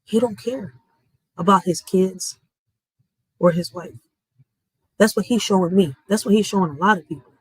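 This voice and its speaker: A woman's voice: medium pitch, moderate pace, pauses often, husky, no echo, low-quality recording. Woman vlogger, blunt and emphatic, dry close sound. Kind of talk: heated social media commentary.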